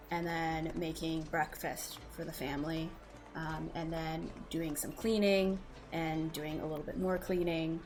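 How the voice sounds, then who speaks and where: Relaxed woman game master, full of fillers. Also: on the low side. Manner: casual, many fillers like um and like. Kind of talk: narrating a tabletop game.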